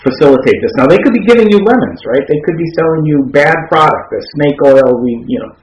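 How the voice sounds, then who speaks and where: A man's voice: on the high side, expressive, fast. A man co-hosting a podcast, explaining ideas in a thoughtful, academic way with frequent restarts. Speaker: podcast co-host. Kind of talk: casual academic discussion. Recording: roomy, dull lo-fi sound.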